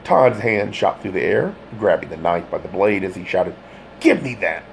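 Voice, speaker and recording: Gravelly-voiced male audiobook narrator. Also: low voice, moderate pace, slight background noise. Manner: dramatic, expressive reading.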